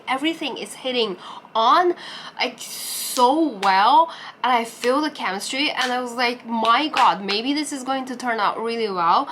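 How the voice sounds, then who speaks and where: A young woman vlogger telling a personal story in a casual, animated way, acting out her own reactions. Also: on the high side, slight background noise.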